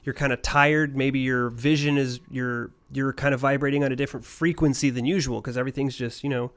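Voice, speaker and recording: A man's voice: medium pitch, fairly even intonation, brisk, fairly bright tone. A man co-hosting a casual podcast, telling a rambling ghost story full of swearing. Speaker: podcast co-host.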